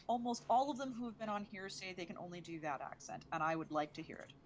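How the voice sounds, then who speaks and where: A woman's voice: mid-range voice, expressive, fairly quick, a little hiss or hum. A tired, tipsy woman hosting a podcast, bubbly and teasing in casual chat. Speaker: podcast host.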